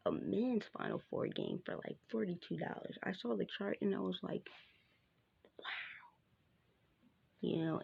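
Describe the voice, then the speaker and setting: A woman's voice: medium pitch, vocal fry, breathy edge, dull audio. A woman hosting her own basketball show, chatting casually through a sports recap with lots of fillers and asides.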